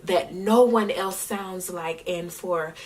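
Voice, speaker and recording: In a personal vlog, a young woman reflects on her year as a singer in a fairly low, somewhat mellow voice. Her delivery is slow, heartfelt, and emotional, and at times she cries.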